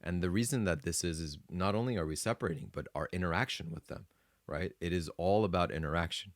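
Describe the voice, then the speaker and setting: Man, very low voice, dry close sound, casual podcast co-host, eager explainer. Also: quick pace, no echo. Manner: enthusiastic, laughs often, explains step by step. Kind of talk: casual spiritual discussion.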